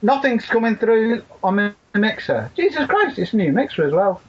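A man's voice: sits high, big pitch swings, normal speed, breathy edge. A man with a Lancashire accent chatting on a podcast, rambling and swearing constantly. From Leigh, near Wigan, England. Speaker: podcast guest. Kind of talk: casual chat on a podcast. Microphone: laptop internal mic. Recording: dull lo-fi laptop mic.

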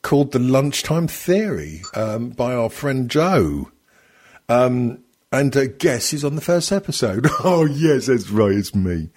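A man's voice: medium pitch, sing-song, slow pace, a little mellow. A man co-hosting a podcast, chatting casually, swearing often, rambling and laughing a lot. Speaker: podcast co-host. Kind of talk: casual banter.

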